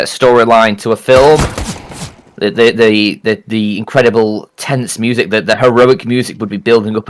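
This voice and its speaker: A man's voice: lowish voice, fairly bright tone. A man casting a shooter match with play-by-play, joking and laughing as he talks. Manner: joking, chatty, laughs often. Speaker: esports caster. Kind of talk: play-by-play commentary. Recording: faint background noise.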